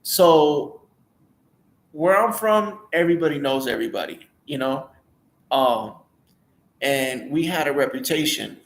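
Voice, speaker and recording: A man's voice: fairly high pitch, expressive, a little slow, creaky, pauses often, echoey room. A young man candidly telling a rambling personal story, restarting and acting out quoted voices.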